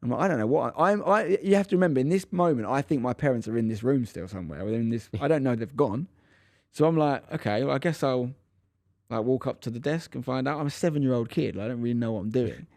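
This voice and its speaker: A man's voice: mid-range voice, quick pace, a little mellow, no room sound, clean studio sound. A man in his thirties, a podcast co-host, telling a story in casual chat and acting out the quotes with animation.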